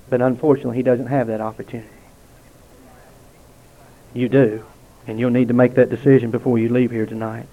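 A man giving a heartfelt spoken testimony to a gathering at a restaurant, telling stories with dramatic pauses. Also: medium pitch, level tone. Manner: earnest, storytelling with dramatic pauses. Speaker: lay speaker giving testimony. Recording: tinny, narrow-band lo-fi recording.

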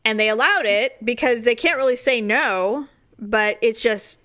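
Animated storytelling woman, high voice. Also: unhurried. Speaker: co-host. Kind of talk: casual chat, storytelling.

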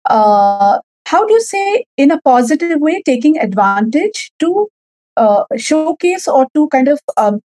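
A woman's voice: sits high, big pitch swings, a little slow, mellow, no echo, rough recording. A woman with an Indian accent, a guest in a conversational interview, talking with many fillers and restarts.

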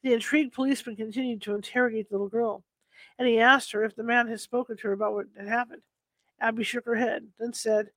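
A man reading ghost stories aloud at a steady pace, now and then stumbling and correcting himself. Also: high-pitched, fast talker, dry recording, poor audio. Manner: steady reading with occasional slips and self-corrections. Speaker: storyteller.

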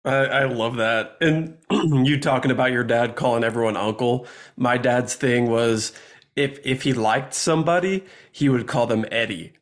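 A man's voice: medium pitch, moderate pace. A man hosting an interview podcast, chatting in a friendly, easygoing way and sharing a brief anecdote of his own. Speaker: podcast host. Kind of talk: casual interview conversation.

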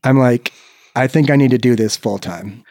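A man from Iowa in his forties tells a story in a relaxed podcast chat, his pitch sitting in the middle. He acts out the people in his story with lively, loose energy and swears freely. The sound is dry and close, with no room around it. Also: normal speed, dry recording. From Iowa, United States. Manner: animated storyteller who acts out the people he quotes; swears freely, peppers speech with "right?". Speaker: guest.

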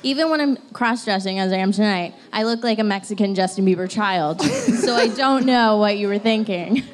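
A woman's voice: medium pitch, brisk. A woman co-hosts a trivia night in loose, casual banter. She cracks sarcastic jokes, often at her own expense. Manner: sarcastic, self-mocking jokes. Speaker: co-host.

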